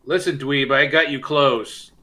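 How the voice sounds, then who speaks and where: A man's voice: mid-range voice, steady tone, measured pace, pushed and bright. A man doing a surly teen bully. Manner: curt and dismissive. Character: surly teenage boy bully.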